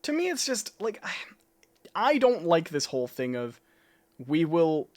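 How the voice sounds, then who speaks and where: A chatty, opinionated man co-hosting a casual live stream. His fairly high voice moves up and down lively as he makes his points. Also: a little slow. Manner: opinionated, chatty, frequent "you know". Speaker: podcast co-host.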